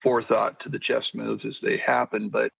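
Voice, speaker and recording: A man calling in to a talk show in casual chat, with a measured, agreeable manner. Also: mid-range voice, little pitch movement, creaky, a bit bright, husky, no room sound, poor audio. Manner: measured, agreeable, many "yeah"s. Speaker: caller.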